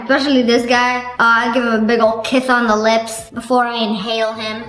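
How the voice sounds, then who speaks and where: A woman hosting a reaction video, making animated, sarcastic jokes in a casual commentary style. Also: on the high side, a little fast. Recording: roomy echo with faint music.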